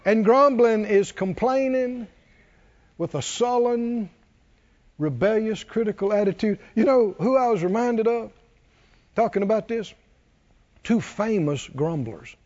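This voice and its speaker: Pastor type, man, high voice that swoops a lot, preaching to a crowd, muffled lo-fi recording. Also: measured pace, pauses often. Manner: animated preaching, jokes with congregation, does cartoon voices. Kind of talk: sermon.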